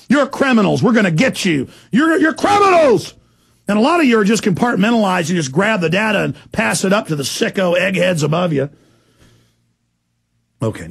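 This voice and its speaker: A man from the United States delivering an angry political rant, shouting furious tirades and sneering in mocking voices. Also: high-pitched, gravelly, breathy edge.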